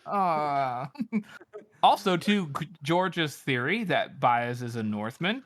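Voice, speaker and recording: A young man co-hosting a podcast, talking excitedly with many fillers. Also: on the high side, takes it slowly. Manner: excitable, lots of fillers and laughs. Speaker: podcast co-host. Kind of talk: casual chat.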